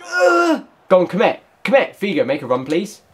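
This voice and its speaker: Lively, high-pitched gamer guy. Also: normal speed, slight background noise. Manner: excitable, shouts at the game. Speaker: gaming YouTuber. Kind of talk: gameplay commentary.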